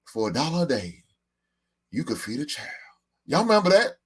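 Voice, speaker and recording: A man's voice: fairly high pitch, very animated, a little fast, fairly bright tone, husky. A man in his forties hosting a casual live stream, talking loosely and profanely, laughing and reading out comments from his chat. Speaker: podcast host.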